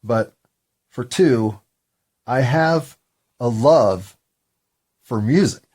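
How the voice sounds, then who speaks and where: A man's voice: mid-range voice, animated, very slow, darkish tone, slightly rough. A man in his fifties in a casual, rambling, self-deprecating solo monologue. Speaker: solo podcaster.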